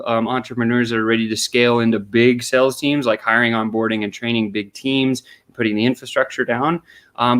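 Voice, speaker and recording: A man's voice: mid-range voice, a bit bright. Man, middle-aged, mid-range voice, conversational, explains step by step. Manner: explains step by step, acts out sample questions and replies. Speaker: sales consultant guest. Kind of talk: conversational interview.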